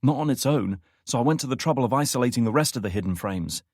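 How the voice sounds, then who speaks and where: A man's voice: mid-range voice, animated, fast talker, darkish tone, no room sound, clean studio sound. A man reading an audiobook, voicing an eager man who explains technical findings.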